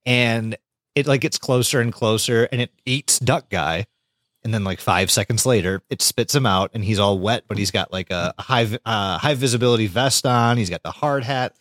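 A man co-hosting a podcast, retelling an episode with lots of swearing and squeaky voiced impressions of the characters. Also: normal speed, fairly bright tone, no echo, studio quality. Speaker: podcast co-host. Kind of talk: casual podcast recap.

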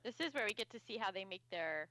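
A woman's voice: medium pitch, lively intonation, fast talker, sharp tone, no room sound. A woman co-hosting a podcast, chatting casually and enthusiastically about a TV episode, thinking aloud with fillers. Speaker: podcast co-host.

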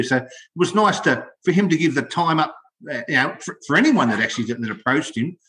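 Older aussie bloke yarning about footy, fairly high voice, gets worked up and repeats himself. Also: male voice, fast, roomy sound. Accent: Australian. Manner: animated storytelling, repeats words when excited. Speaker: podcast co-host, former rugby league player. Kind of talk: casual sports chat.

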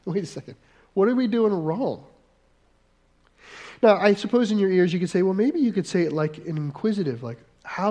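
A man preaching a sermon as pastor, earnest, slowing down for emphasis and acting out quoted voices. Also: high-pitched.

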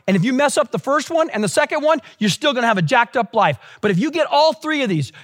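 A man with a high voice preaching a sermon. He exhorts the congregation, repeats his key phrases for emphasis and keeps asking them questions as he goes. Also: expressive, fast, few pauses, fairly bright tone. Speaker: pastor.

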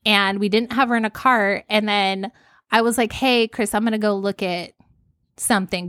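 30s woman cohost, animated storytelling, acts out panicky bits, average pitch, dry mic. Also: no echo. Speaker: podcast co-host. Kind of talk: casual chat.

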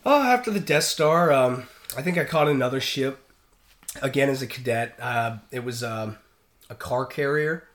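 A man's voice: medium pitch, animated, moderate pace, fairly bright tone. Male sailor guest, chatty storyteller, loose and rambling delivery. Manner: rambling, many restarts and fillers. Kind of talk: casual storytelling.

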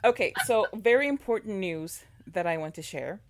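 A woman's voice: medium pitch, animated, normal speed, very noisy. Teasing woman podcast co-host. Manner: teasing, playful, stammers on restarts. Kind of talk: casual chat.

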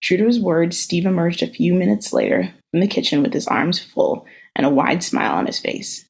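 A woman co-hosting a podcast over a video call, reading a fan story aloud in an even, unhurried way. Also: lowish voice, gravelly, breathy edge, poor audio. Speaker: podcast co-host.

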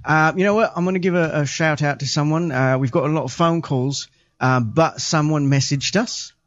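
Jokey podcast host, slightly high voice. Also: male voice, moderate pace, dry recording. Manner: jokey, loose, full of ums. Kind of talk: casual podcast chat. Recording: dull lo-fi audio.

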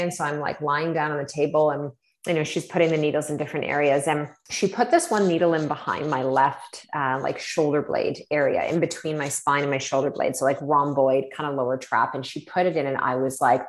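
A woman's voice: deep voice, normal speed, reverberant. A woman telling a personal story in casual chat, with many fillers, acting out her own reactions. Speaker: podcast guest.

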